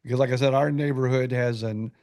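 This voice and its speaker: A man's voice: medium pitch, steady tone, quick pace, a little mellow. An older man co-hosting a podcast, telling rambling jokes in casual chat. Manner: rambling, joking storyteller. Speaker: podcast co-host.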